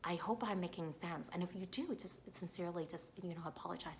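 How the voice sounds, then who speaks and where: A woman's voice: lowish voice, fast talker, few pauses, a little hiss or hum. A woman who teaches young children, giving earnest advice in an informal talk, with many fillers and frequent checks that she is understood. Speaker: early childhood educator.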